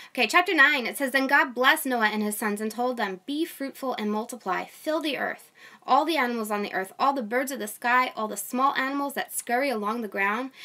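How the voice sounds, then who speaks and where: A woman's voice: medium pitch, gravelly, pushed and bright. A young woman, a mother, reading scripture aloud and breaking off into casual, chatty commentary with fillers. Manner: reads steadily, then chats with fillers and light laughs. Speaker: Bible reader and host.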